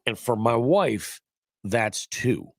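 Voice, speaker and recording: This podcast host is middle-aged and congested, with a mid-range, nasal, stuffy voice and vocal fry. He's animated but slow, rambling profanely and joking in casual chat, studio-quality on a studio mic with no room sound.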